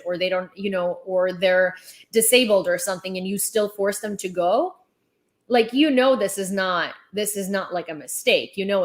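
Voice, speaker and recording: Chatty woman streamer giving sarcastic commentary. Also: medium pitch. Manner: chatty, sarcastic, many fillers and restarts. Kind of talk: casual livestream commentary.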